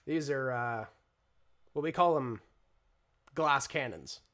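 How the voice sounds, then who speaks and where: A man's voice: mid-range voice, slow, a bit bright. A man voicing a brash, smug teenage boy in a leather jacket during a tabletop role-play game.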